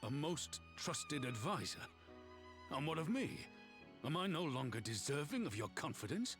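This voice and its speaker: Loyal veteran general, devoted, formal speech, expressive pitch. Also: male voice, moderate pace. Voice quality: formal, old-fashioned speech. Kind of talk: video game cutscene acting. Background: game music.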